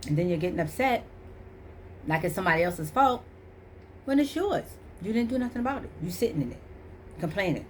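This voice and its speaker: A woman's voice: medium pitch, lively intonation, moderate pace, slight background noise. A middle-aged woman giving a casual motivational talk, emphatic and repetitive, preaching about choices. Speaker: motivational vlogger.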